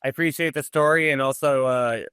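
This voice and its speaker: A man hosting a podcast interview, speaking hesitantly with pauses and "uh". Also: mid-range voice, steady tone, pushed and bright, smooth, dry recording, studio quality. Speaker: podcast host.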